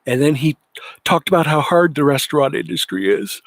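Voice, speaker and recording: A man's voice: medium pitch, brisk, vocal fry, no echo. A man hosting a political commentary livestream, talking in an indignant, sarcastic way. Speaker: livestream host.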